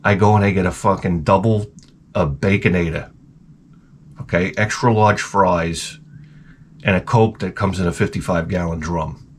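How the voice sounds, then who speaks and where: A man's voice: deep voice, normal speed, slight background noise. A hungover man vlogging in a rambling, profane comedic monologue. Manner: rambling, profane, crude humor.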